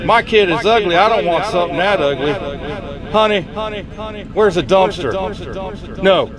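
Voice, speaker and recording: A man's voice: high-pitched, normal speed, a crowd in the background, voice pushed up, natural voice. Man doing a whiny disgusted dad. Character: disgusted young father, fussy and crude.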